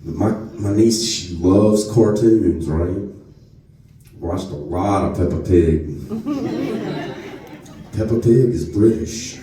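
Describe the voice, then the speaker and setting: A man's voice: deep voice, big pitch swings, slow pace, pauses often, mellow, distant mic, some chatter behind, a little hiss or hum. A man with a North Louisiana Southern accent doing a live stand-up set, telling crude, profane stories full of asides. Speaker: stand-up comedian. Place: comedy club stage. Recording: echoey club room, voice from off mic.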